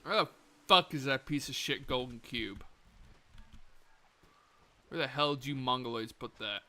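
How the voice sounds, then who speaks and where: A young man streaming a colony game live, muttering to himself, swearing and breaking into sudden excited outbursts. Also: mid-range voice, measured pace. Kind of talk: live gameplay commentary.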